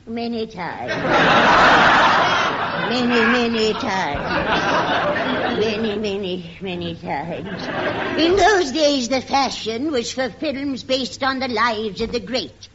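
A woman's voice: on the high side, expressive, measured pace, few pauses, a loud crowd. A woman playing an aged, faded film actress, drawling grandly and theatrically as she reminisces. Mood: reminiscing. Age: older. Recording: lo-fi old radio with heavy hiss.

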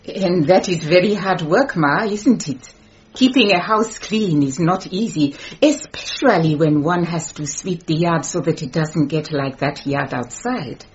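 An actress playing a confident, shrewd middle-aged woman who speaks calmly and politely, in a radio drama. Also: on the low side, a little slow, muffled recording. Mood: pointed. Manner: calm, pointed and polite.

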